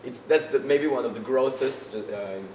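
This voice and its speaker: A young man with a French accent, a band vocalist chatting in a casual interview, halting and full of fillers and restarts. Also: mid-range voice, recorded from a distance, a little hiss or hum. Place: concert venue backstage. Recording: echoey, off-mic, loud music behind.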